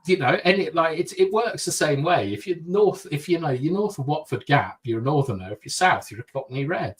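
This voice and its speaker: A man co-hosting a live-streamed fan show, talking in a lively, opinionated way with plenty of "like" and restarts. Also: on the high side, brisk. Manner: animated, opinionated, rambles with fillers. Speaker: podcast co-host. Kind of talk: casual live-stream chat.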